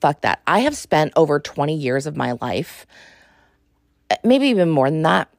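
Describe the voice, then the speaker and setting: A young adult woman hosting a podcast, talking in a sassy, exasperated, animated way. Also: low voice, moderate pace, vocal fry, no echo, studio quality. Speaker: podcast host. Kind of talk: casual monologue.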